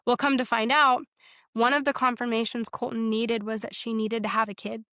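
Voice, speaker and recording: A young woman casually telling her faith story in a podcast, animated and quick to act out what people said, with lots of "like". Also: a little high, dry recording, studio quality. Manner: animated, quotes herself and others in dialogue, frequent "like". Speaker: podcast guest sharing her testimony.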